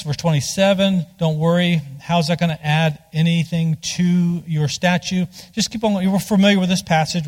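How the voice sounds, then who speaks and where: A man preaching a sermon in a conversational, digressive way, rising in pitch to stress his points. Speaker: pastor. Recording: long hall reverb.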